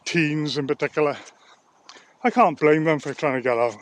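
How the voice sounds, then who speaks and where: A Welsh man with a slightly high voice talks at a moderate pace, chatting casually to camera as he walks through an open nature reserve and grumbles a bit between remarks. He's a vlogger and sound therapist, and this is a relaxed walk-and-talk vlog.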